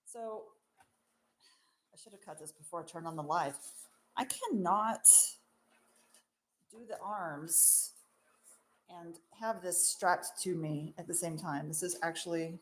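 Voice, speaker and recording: A young adult woman who owns a marshmallow shop, hosting a casual live stream while she works, excitable and self-mocking with frequent exclamations and laughs. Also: lowish voice, slight background noise.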